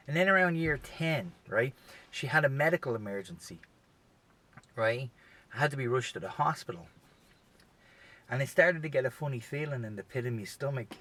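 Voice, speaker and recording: A man's voice: medium pitch, brisk, fairly bright tone. A man hosting a podcast, telling a long comedic story in a rambling, profane way full of "you know" asides. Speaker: podcast host.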